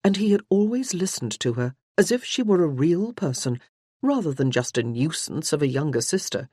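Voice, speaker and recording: A woman narrating a historical romance audiobook in a measured, expressive reading. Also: low voice, breathy edge, no echo, studio quality. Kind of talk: scripted narration.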